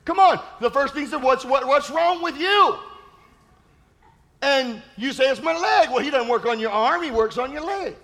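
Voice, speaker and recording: Guy preaching a sermon, really high voice, punchy and repetitive, jumps into shouts. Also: expressive, moderate pace. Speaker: pastor.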